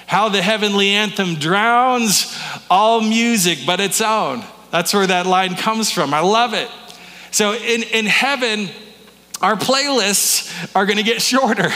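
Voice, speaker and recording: Male pastor, higher bright voice, chatty sermon full of questions to the room, long hall reverb. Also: measured pace. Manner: conversational, restarts words, asks the congregation questions. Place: church sanctuary.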